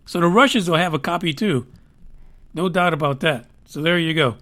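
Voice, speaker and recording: Man, podcast host, high voice, sarcastic, cursing freely, casual news rant. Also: brisk. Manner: profane, sarcastic, animated.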